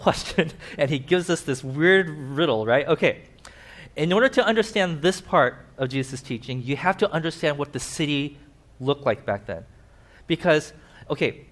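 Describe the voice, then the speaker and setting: Animated man preaching a sermon. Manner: animated, acts out quoted characters with sudden pitch jumps. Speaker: pastor. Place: church.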